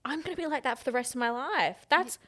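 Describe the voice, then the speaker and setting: A woman's voice: sits high, fast talker, a bit bright. A woman in her thirties, co-hosting a podcast in casual, rambling chat full of "like" and restarts. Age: 30s. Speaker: podcast co-host.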